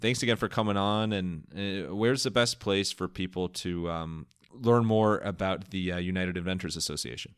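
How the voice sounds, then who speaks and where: A man's voice: sits low, normal speed, hardly any pauses, smooth, no room sound, clean studio sound. A man hosting a podcast, asking questions in an upbeat, thankful, casual way. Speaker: podcast host. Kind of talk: casual interview chat.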